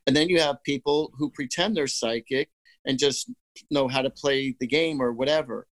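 A man's voice: medium pitch, normal speed, fairly bright tone, rough recording. A man guest telling a rambling story in casual chat, with many fillers and restarts. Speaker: podcast guest, psychic.

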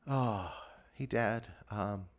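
A man's voice: on the low side, very slow. A man playing a tabletop game in character, speaking hesitantly with many fillers. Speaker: player.

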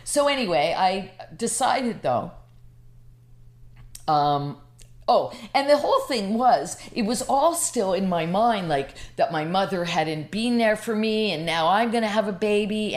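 A woman's voice: mid-range voice, lively intonation, a little slow. A woman in her sixties from Canada, a podcast guest telling a personal story in a rambling, emotional way. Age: 60s. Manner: rambling, emotional, lots of restarts.

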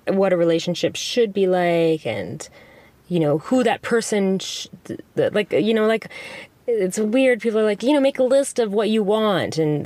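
A woman's voice: lowish voice, darkish tone, dry recording. A middle-aged woman telling a story in a casual chat, chatty and self-deprecating, laughing often. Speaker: guest.

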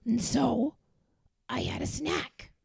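A woman doing a gravelly hissing demon with a Boston accent. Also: wildly swooping pitch, slow, a little mellow, no room sound, studio quality, heavily acted. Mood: evasive. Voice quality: gravelly, breathy whispering. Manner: evasive, defensive, drops into low hissing whispers. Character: sneaky hungry female demon from a hat. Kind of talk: improv comedy.

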